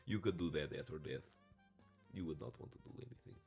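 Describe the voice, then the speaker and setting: A young man co-hosting a casual Bible discussion podcast, goofy and rambling, with a deadpan joking manner and a mock Russian accent. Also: a bass voice, fairly quick, vocal fry, soft background music. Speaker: podcast co-host.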